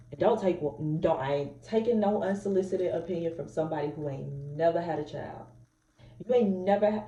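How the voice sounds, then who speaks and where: Young mom vlogger, low-set dark mellow voice, outspoken and emphatic, recorded off-mic in an echoey room. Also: female voice, far from the mic, muffled recording. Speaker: mom vlogger giving advice. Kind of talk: candid casual monologue. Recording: roomy echo, voice off-mic.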